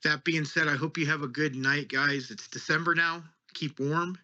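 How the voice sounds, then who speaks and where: A man co-hosting a podcast, signing off in a relaxed, hesitant way with fillers. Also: fairly high pitch, a little fast, few pauses, muffled recording. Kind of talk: casual sign-off chat.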